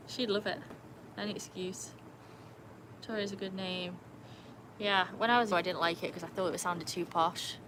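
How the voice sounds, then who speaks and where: Giggly woman on a noisy stream. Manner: chatty, giggly, coaxing the dogs in a high sing-song. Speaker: livestream host. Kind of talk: casual live-stream chat reading comments. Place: outdoors by a pool at night.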